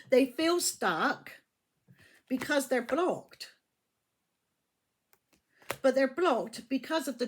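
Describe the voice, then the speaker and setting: A woman's voice: a little high, slightly rough. Blunt, swearing woman reading tarot. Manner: blunt, swears freely, repeats herself. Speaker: tarot reader.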